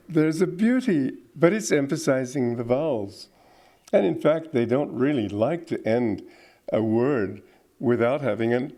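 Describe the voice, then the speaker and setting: A man's voice: a little high, dark tone. An older man giving an informal spiritual talk, reflective, with chuckling asides and playful mimicry. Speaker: spiritual teacher.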